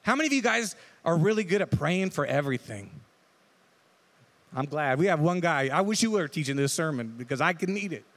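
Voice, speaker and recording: A pastor with a highish, sing-song voice talks a little fast, delivering a casual, jokey sermon. He's conversational and keeps asking the crowd "right?" as he goes.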